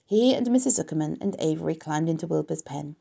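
A woman narrating a children's story in a calm, even storytelling manner. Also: low-pitched, quick pace, gravelly, slightly rough. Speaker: audiobook narrator.

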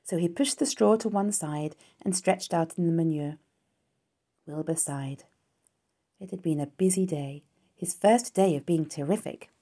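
A woman reading a children's novel aloud in a calm, steady storytelling voice. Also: lowish voice, measured pace.

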